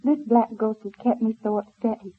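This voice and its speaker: A woman's voice: a little high, steady tone, fairly quick, breathy edge. An actress playing a spirited, playful young woman in a 1930s radio serial. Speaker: radio drama actor. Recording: old narrow-band radio transfer.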